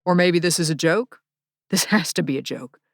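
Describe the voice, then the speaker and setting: A woman's voice: fairly low pitch, normal speed, no echo, clean studio sound, lightly acted. A woman voicing an angry, hurt young man whose fiancée is leaving him, bitter and accusing. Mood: indignant.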